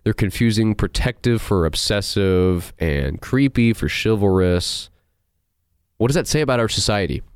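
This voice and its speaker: A man hosting a movie review show, ranting in an animated, sarcastic and incredulous way. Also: on the low side, normal speed, clean tone, no room sound, studio quality. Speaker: host.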